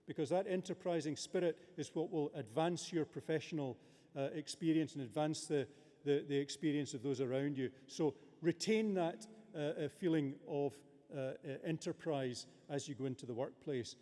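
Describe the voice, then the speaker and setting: Presiding over a graduation in a large abbey, a man gives a formal but good-humoured address into a lectern mic, hesitating often. His voice is slightly high and warm, at a moderate pace, and the abbey's long reverb fills the recording.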